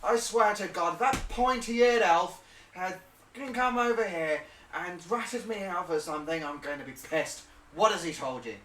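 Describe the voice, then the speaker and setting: A man's voice: on the high side, normal speed, hardly any pauses, a bit bright, a little hiss or hum, close to an everyday voice. A man voicing a scruffy bearded male wizard who swears and gets flustered, recorded a little far off in an echoey room. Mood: angry. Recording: roomy and distant.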